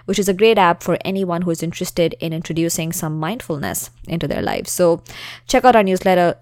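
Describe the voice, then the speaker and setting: A woman's voice: on the low side, darkish tone, no room sound, clean studio sound. A woman hosting a podcast, chatting with a guest and then reading her upbeat sign-off. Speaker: podcast host. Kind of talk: casual interview and podcast outro.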